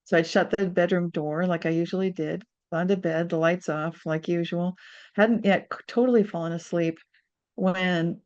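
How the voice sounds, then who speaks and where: A woman's voice: fairly low pitch, normal speed, highs cut off. A woman in her sixties, an author guest in an interview, telling a personal story and acting out what people said. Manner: animated storyteller, acts out quotes.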